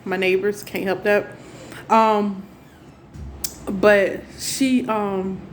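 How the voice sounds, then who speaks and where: A woman's voice: mid-range voice, flat delivery, extremely slow. A young woman tells a personal story straight to camera, earnest and rambling. She often restarts her sentences as she goes. Faint household noise from the neighbors sits under her voice. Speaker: spiritual vlogger. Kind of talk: casual personal monologue to camera.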